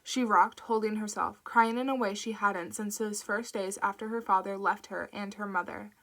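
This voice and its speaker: A woman's voice: medium pitch, steady tone, moderate pace, fairly bright tone. A woman narrating a novel aloud for her audiobook channel, reading evenly. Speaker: audiobook reader.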